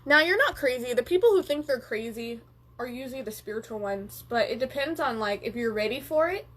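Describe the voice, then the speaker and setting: A woman's voice: a little high, brisk. A young woman hosting a live stream, chatting casually and swearing freely as she reads viewer comments and answers them. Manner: animated, profane, reads viewer comments aloud.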